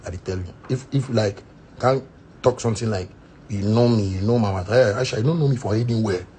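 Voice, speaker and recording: A Ghanaian-accented man with a lowish, warm voice talks fast over slight background noise. He's a musician answering a critic in a ranting social media video, mocking him with sing-song jeers that blend Pidgin and Twi phrases.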